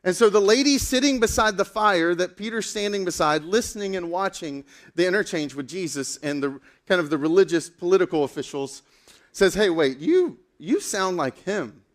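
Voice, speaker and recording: A man preaching a sermon as a pastor, telling a story in a casual, animated way with lots of fillers. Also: high-pitched, a little fast.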